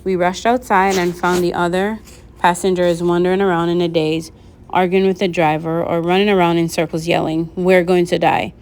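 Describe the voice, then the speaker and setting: Woman reading a kids adventure book out loud, kinda low voice, lively. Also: moderate pace, slight background noise. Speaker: narrator. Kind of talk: reading a novel aloud.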